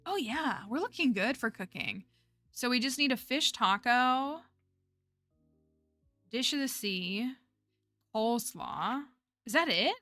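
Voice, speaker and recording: A woman's voice: fairly high pitch, animated, slow, pauses often, sharp tone, no echo, soft background music. A woman streaming a game, chatting casually as she plays, thinking aloud and talking to her viewers. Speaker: livestreamer. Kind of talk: casual gameplay commentary.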